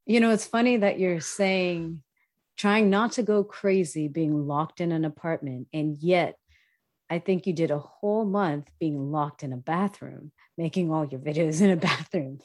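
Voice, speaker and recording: A woman's voice: sits low, unhurried, darkish tone. A woman hosting a podcast in casual chat, who teases her co-host and laughs a lot.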